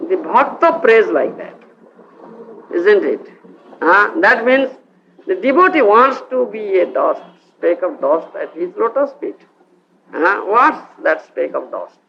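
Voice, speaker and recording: Odia-accented man, devotional lecturer, gravelly edge, dull lo-fi 1980s tape. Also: high-pitched, slight background noise. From India. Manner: frequent checks with the audience, acts out quoted voices. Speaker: spiritual teacher. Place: lecture hall in India.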